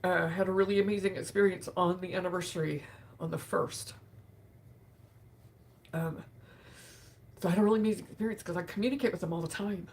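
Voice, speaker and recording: A woman hosting a live session, speaking in a soft, emotional way with sighs and pauses while tearful. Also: fairly low pitch, fairly even intonation. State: tearful, grieving. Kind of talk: reflective live talk.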